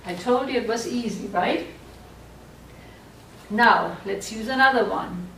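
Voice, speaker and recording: A woman teaching a German class, explaining slowly and patiently and often checking that the students follow. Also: a little high, gravelly, pushed and bright, a little hiss or hum. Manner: slow, patient explaining with frequent check-ins. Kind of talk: classroom lecture at a board. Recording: echoey room, voice from far off.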